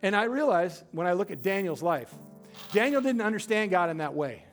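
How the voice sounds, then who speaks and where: A male pastor preaching a sermon in a storytelling way, acting out quoted voices and dropping to a quiet, low voice for emphasis. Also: expressive, brisk, soft background music.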